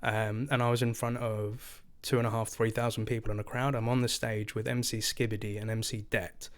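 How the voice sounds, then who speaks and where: A man's voice: on the low side, fairly quick. An English man in his thirties, a guest casually telling stories from his past and acting out the voices of the people in them. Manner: animated, acts out quoted voices. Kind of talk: casual storytelling interview.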